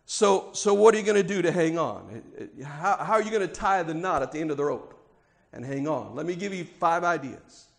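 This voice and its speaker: A male pastor delivering a sermon in an emphatic, repetitive preaching cadence. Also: on the high side.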